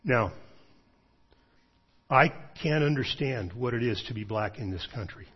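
A middle-aged man, a pastor, preaching a sermon in a measured storytelling way, pausing often with fillers. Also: medium pitch, husky. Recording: dull lo-fi sermon recording.

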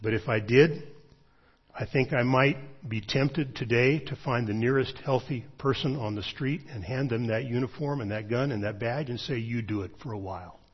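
A middle-aged man, a pastor, preaching a sermon in a measured storytelling way, pausing often with fillers. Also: medium pitch, husky. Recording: dull lo-fi sermon recording.

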